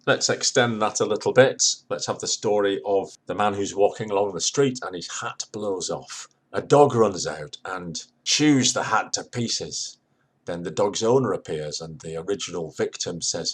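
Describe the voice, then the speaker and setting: A man's voice: sits low, normal speed, husky. An older man giving a dry, explanatory lecture, retelling jokes along the way. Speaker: lecturer on humour. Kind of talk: spoken lecture.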